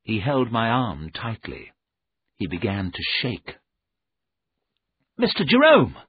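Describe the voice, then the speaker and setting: A man reading a story aloud in a measured, deliberate narration. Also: fairly low pitch, expressive, husky. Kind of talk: scripted audiobook narration. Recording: narrow phone-like audio.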